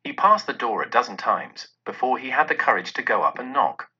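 Bright, husky male storyteller. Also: mid-range voice, very animated, a little fast. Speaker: audiobook narrator. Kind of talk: expressive storybook narration. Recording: dull lo-fi recording.

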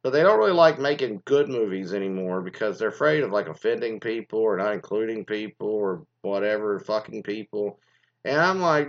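A man's voice: fairly low pitch, animated, fairly quick. A man hosting a casual commentary, reading news items and then ranting in a rambling, profane, exasperated way. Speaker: commentary host. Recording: dull lo-fi sound.

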